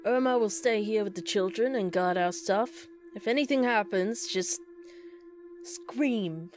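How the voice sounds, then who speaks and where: A woman doing a gruff man leading a survival camp, barking orders in a game with a mocking edge, his voice set at an ordinary middle pitch. soft music hums faintly underneath. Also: unhurried, lightly acted. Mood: commanding. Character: gruff male camp leader giving orders.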